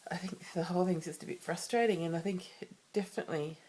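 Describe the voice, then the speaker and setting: Talking fast in a low, slightly mellow voice, an Australian woman shares personal matters in a confessional vlog to the camera. She rambles candidly, restarting sentences often and looping back with asides.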